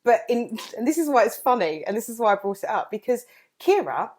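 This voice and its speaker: A woman's voice: on the high side, sing-song, fairly quick, darkish tone. A woman co-hosting a podcast in casual chat, talkative and laughing often, with frequent restarts. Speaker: podcast co-host.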